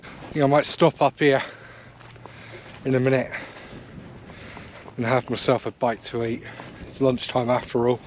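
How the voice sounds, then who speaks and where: A man's voice: mid-range voice, fairly even intonation, a little slow, pauses often, highs cut off, a little hiss or hum. Easygoing man hiking the moors. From South West England. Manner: chatty, rambling, easygoing, talks to camera while hiking. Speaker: wild camping vlogger. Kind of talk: casual walking vlog commentary. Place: outdoors on open moorland. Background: faint outdoor ambience.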